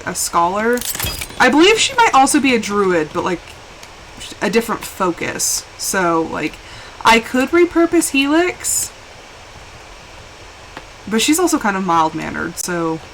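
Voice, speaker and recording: A woman's voice: mid-range voice, measured pace, pauses often, a little hiss or hum, poor audio. A young woman chatting casually and animatedly while live-streaming a game. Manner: chatty and animated, with laughs and exclamations.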